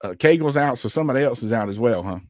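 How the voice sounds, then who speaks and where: A man's voice: mid-range voice, lively intonation, rapid-fire, no echo, studio quality. A man co-hosting a casual sports podcast, upbeat and chatty, running through news and show announcements. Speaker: podcast co-host.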